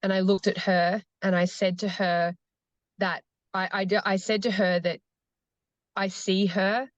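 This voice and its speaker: A woman's voice: mid-range voice, flat delivery, measured pace, dry recording. Woman ceremony facilitator, earnest storyteller, dry muffled podcast sound. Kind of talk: podcast conversation.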